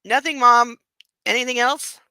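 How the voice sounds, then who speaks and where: A woman reading the lines of a cocky rich young man from a novel, in a flat, dry delivery. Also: on the high side, measured pace, smooth, no room sound.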